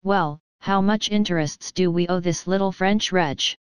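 A woman reading the lines of a domineering, scolding comic queen in her own low, very smooth voice. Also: measured pace, no room sound, lightly acted. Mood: imperious. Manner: imperious, scolding. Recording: dry, slightly dull lo-fi.

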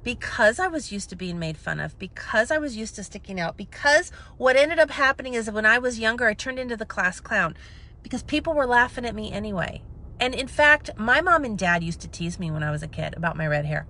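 A woman in her thirties telling her story to camera in a chatty, self-mocking way, swinging between hushed asides and loud outbursts. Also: mid-range voice, lively intonation, a little fast, creaky. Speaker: vlogger, makeup seller.

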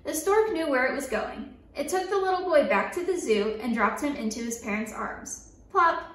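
Woman story-time reader, high voice, playful and animated, in an echoey room a little off the mic. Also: moderate pace, distant mic. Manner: lively, playful sound effects and call-and-response. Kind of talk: reading a picture book aloud to children.

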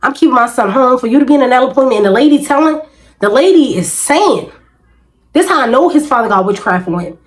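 A woman's voice: high-pitched, lively intonation, fast, low-quality recording. A woman vlogger, venting emphatically and repetitively in casual talk to camera.

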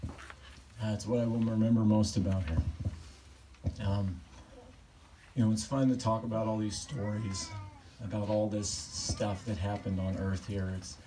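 Man, eulogy at a memorial service, fond and halting, recorded from a distance with steady background noise. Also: fairly low pitch. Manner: halting, fond storytelling, often chuckling. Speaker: family member giving a eulogy. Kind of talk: personal eulogy with stories.

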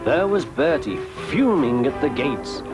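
Male storybook narrator, animated, mid pitch, loud music behind. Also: a little slow. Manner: lively, expressive, confiding.

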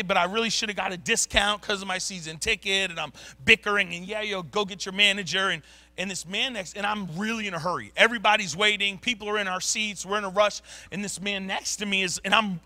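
A man preaching a sermon, telling stories in casual slang and swinging from low mutters to loud bursts. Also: fairly even intonation, fast, no room sound. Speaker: pastor. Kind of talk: sermon storytelling. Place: church sanctuary.

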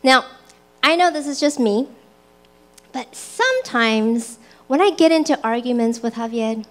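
Woman, sermon, high voice, slow measured delivery, lively personal anecdotes. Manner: slow and deliberate, acts out her own excited and angry voice in anecdotes. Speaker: preacher. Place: church.

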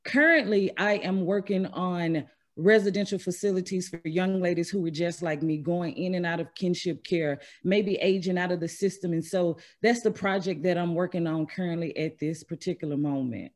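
A woman from Mississippi, a trauma specialist, telling her personal story in an earnest, measured and emphatic way over a video call. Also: lowish voice. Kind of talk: personal story told at an online event.

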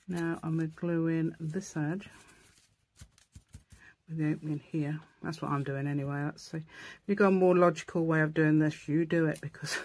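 A woman's voice: deep voice, a little mellow. A woman hosting a casual crafting tutorial, thinking aloud as she works and often correcting herself. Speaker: craft channel host.

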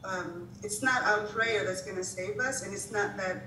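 A woman's voice: mid-range voice, sharp tone, reverberant, far from the mic, slight background noise, low-quality recording. A woman guest in a casual faith discussion, speaking hesitantly with many fillers. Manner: hesitant, halting, full of fillers.

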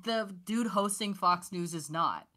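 A woman's voice: mid-range voice, a little slow, pushed and bright. Woman chatting casually on a podcast. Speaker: podcast co-host.

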